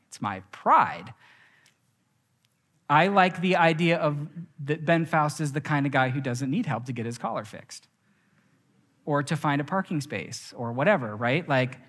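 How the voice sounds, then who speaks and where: A young adult man preaching a sermon, telling stories with lively acted quotes. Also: a little high, husky. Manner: animated storytelling with acted quotes. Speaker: pastor. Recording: reverberant hall.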